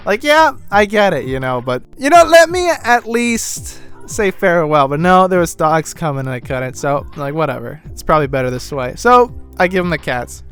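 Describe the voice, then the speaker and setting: A young man telling a personal story in a rambling, casual way, full of "like" and "you know", moving between glum and excited. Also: on the high side, normal speed, hardly any pauses, clean tone, soft background music. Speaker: vlogger.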